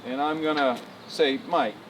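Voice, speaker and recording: A man working as a horse trainer, explaining in a relaxed, folksy way with many fillers, outdoors at a ranch pen. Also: fairly high pitch, unhurried. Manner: folksy, relaxed, lots of "you know" fillers. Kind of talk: casual explanation on a walk-around. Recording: distant outdoor mic, faint background noise.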